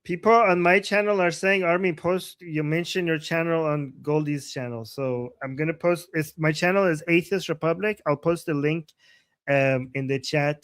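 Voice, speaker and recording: A man from Iran speaks as a guest on a livestream. He presses his points with emphasis and repetition. His voice sits fairly high, and the sound is dry and close. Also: normal speed, a bit bright, clear, resonant tone, no echo. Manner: emphatic, repeating key points. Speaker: guest, channel owner. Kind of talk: livestream conversation.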